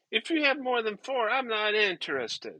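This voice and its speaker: A man playing an awkward amateur stand-up comedian who chuckles at his own weak jokes and clears his throat nervously. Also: high-pitched, sharp tone, dry recording, heavily acted, poor audio. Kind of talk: comedy sketch stand-up bit.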